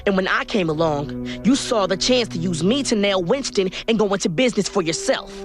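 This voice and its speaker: A man's voice: sits high, expressive, brisk. A man voicing a tough, cool young cartoon detective with a clipped, hard-boiled delivery. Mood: accusing. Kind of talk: animated cartoon acting. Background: music.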